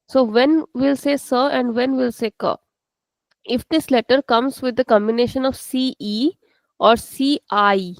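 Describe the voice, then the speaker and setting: Gravelly Indian woman teaching online. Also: fairly high pitch, a little slow, no room sound, poor audio. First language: Hindi. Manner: patient, checks in often with students. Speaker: language teacher. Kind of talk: online class lecture. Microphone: video call.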